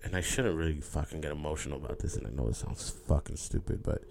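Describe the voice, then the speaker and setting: A man's voice: very deep voice, fast, creaky, a little mellow, slight background noise. A man talking candidly to his viewers in a rambling, emotional way, repeating words and swearing casually. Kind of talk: candid personal monologue.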